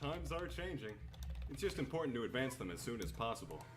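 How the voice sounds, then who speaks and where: A man's voice: mid-range voice, very animated, brisk, lightly acted. A man playing a bitter male tech worker who turns villain, polite on the surface and resentful underneath. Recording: noisy room with keyboard typing.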